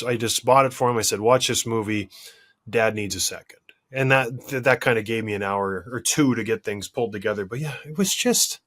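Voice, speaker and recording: A man co-hosting a podcast, telling a story in an animated, exasperated and self-deprecating way. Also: medium pitch. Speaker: podcast co-host. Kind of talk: casual podcast chat.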